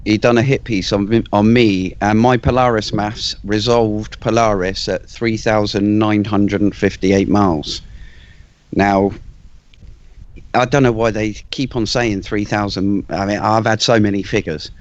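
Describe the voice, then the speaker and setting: A man's voice: on the low side, steady tone, unhurried, lo-fi sound. A man on an online panel quoting distances and measurements in casual chat. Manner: cites figures and measurements. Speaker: panel guest.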